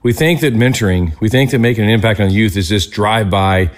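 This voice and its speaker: A man's voice: on the low side, fairly quick. Enthusiastic male interview host. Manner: enthusiastic, encouraging. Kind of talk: conversational interview.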